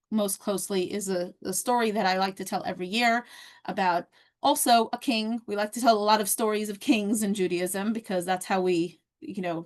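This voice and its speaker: A woman teaching a casual class, telling a parable in a conversational way with many fillers and restarts. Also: medium pitch. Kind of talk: casual lesson storytelling.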